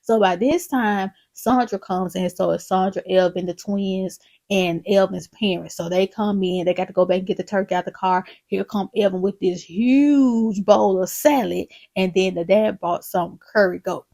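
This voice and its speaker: A woman hosting a casual recap, retelling a sitcom episode and acting out the characters' lines in an animated way. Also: medium pitch, moderate pace, gravelly, dry recording. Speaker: recap video host.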